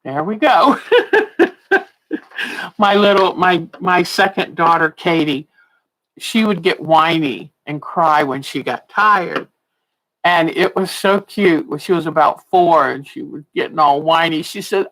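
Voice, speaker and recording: This sixty-something quilting instructor is chatty and quick to laugh on her casual stream, yet slightly weary and yawning. Her voice sits lowish, unhurried and a bit bright, in a low-quality recording.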